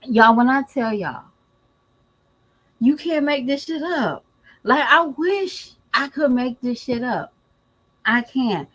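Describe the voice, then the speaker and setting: A fairly high-voiced woman vlogger talking in a slangy, emphatic way. She speaks slowly and draws her words out, laughing as she gossips. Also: animated, a bit bright, low-quality recording. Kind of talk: casual gossip commentary.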